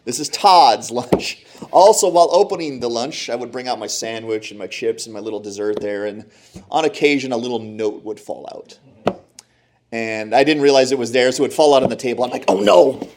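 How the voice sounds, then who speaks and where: A man preaching a humorous sermon, telling animated, self-deprecating stories. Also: mid-range voice, brisk.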